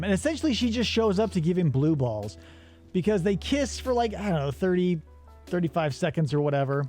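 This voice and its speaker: A man's voice: a little high, brisk, faint music behind. A man casually recapping a movie while he works, acting out the characters' lines. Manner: animated storyteller, acts out the characters' lines. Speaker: podcast co-host.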